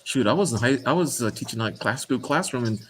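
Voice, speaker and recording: A middle-aged man in casual chat, telling a story haltingly with many restarts and "uh"s. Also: mid-range voice, lively intonation, a little hiss or hum. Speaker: co-host.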